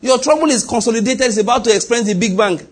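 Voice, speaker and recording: Husky preacher, high voice. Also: male voice, rapid-fire. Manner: animated preaching with sudden pitch leaps and acted dialogue. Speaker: pastor. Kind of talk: sermon.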